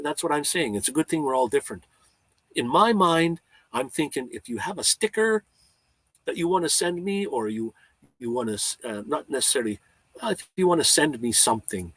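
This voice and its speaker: Husky man, live-stream host, rambling heartfelt chat, dry close sound. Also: fairly high pitch, fairly bright tone, dry recording, poor audio. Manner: rambling and heartfelt, with many restarts and stammers. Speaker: vlogger hosting a live chat.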